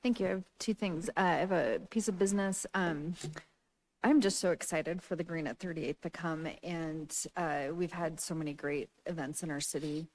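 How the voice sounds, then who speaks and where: Low-voiced enthusiastic woman councilor. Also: steady tone, moderate pace, darkish tone, poor audio. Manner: enthusiastic, says like often. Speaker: city councilor. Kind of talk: formal meeting talk. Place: council chamber.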